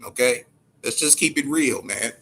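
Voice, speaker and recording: A man's voice: medium pitch, normal speed, fairly bright tone, slightly rough. Heated, profane male boxing talker. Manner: heated, profane, repeats words when worked up. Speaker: boxing talk host. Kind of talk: profane casual boxing commentary.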